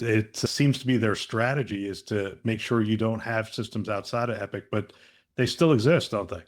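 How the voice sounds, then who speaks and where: A man's voice: fairly low pitch, steady tone, brisk. Conversational male podcast host. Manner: conversational, thinks aloud with asides. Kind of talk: casual interview chat.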